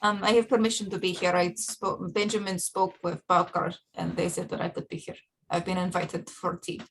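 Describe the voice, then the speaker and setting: A woman voicing a visiting woman character in a put-on Russian accent, speaking in a halting, formal way. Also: fairly low pitch, level tone, a bit bright, slight background noise. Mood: earnest.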